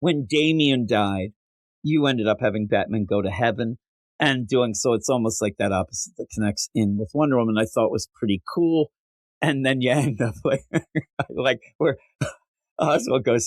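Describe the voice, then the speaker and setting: A man's voice: medium pitch, normal speed, no room sound. A man co-hosting a comic book podcast in casual chat, laughing often and acting out characters' lines. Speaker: podcast co-host.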